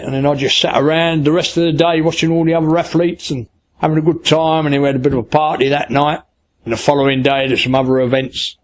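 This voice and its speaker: An older man, recounting his life story in an interview in a colloquial, anecdotal way. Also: mid-range voice. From England (Kent). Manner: storytelling, acts out past dialogue; colloquial, with frequent "I said" and "like".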